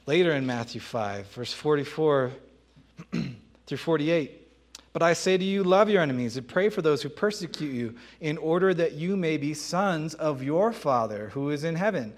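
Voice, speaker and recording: A man's voice: fairly high pitch, lively intonation, normal speed. A man preaching a sermon, emphatic and conversational, often asking rhetorical questions and laughing between points.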